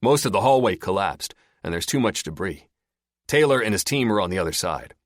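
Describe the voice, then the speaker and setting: A man voicing a gruff, irritable male special-ops soldier in an audiobook, blunt and curt. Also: low-pitched, lively intonation, fairly quick, no echo, clean studio sound.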